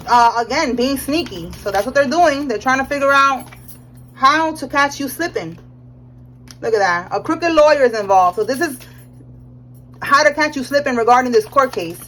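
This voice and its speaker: A young woman giving a casual tarot reading, animated and slangy, often checking in with "all right?". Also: high voice, normal speed, slight background noise, low-quality recording. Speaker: tarot reader.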